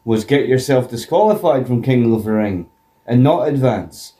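A man's voice: medium pitch, lively intonation, normal speed, warm tone. A Scottish man co-hosting a podcast, adding dry, sardonic and sweary asides in casual chat. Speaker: podcast co-host.

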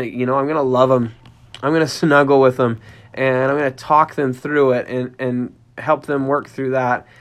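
A man in his thirties talks like a podcast host explaining something to listeners. His voice sits a little high for a man. He chats loosely, restarts sentences and now and then slips into playful little voices. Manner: conversational, many restarts, acts out puppy and child voices. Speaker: podcast host, dog trainer. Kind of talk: casual explanatory podcast talk.

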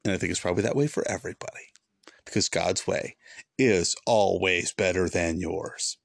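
Former pastor hosting a faith podcast: earnest, repetitive, gravelly lower voice. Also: male voice, moderate pace, dry recording, clean studio sound. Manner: earnest, preachy, repeats for emphasis. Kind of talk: devotional podcast talk.

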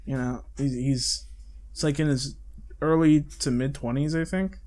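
A man's voice: mid-range voice, fairly even intonation, measured pace, a little mellow. A young man chatting casually with friends on a podcast, rambling and swearing freely. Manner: rambling, swears freely, full of fillers and restarts. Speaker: podcast host. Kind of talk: casual chat among friends.

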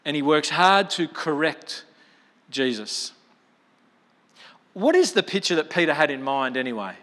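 Bright-voiced preacher in a hall. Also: male voice, on the high side, unhurried, long pauses. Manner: chatty, animated storytelling with colloquial asides. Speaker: pastor. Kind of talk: expository sermon. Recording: long reverb of a large hall.

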